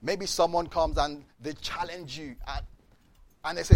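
A man delivers a sermon in a voice that sits a little on the high side. He tells the story with energy, slipping into the voices of the people in it. He keeps turning to the congregation with direct questions. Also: fairly even intonation, moderate pace, darkish tone. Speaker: preacher.

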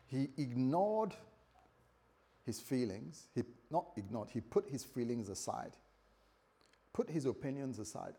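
A man's voice: mid-range voice, lively intonation, unhurried, a little mellow, husky. A man preaching a conversational sermon, often repeating words and acting out the voices he quotes.

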